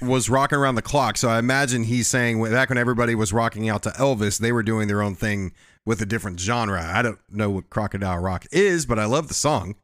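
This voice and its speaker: A man's voice: on the low side, fast talker, fairly bright tone, no echo, studio quality. A man co-hosting a music podcast in casual, joking chat, wandering through his thoughts with restarts. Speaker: podcast co-host.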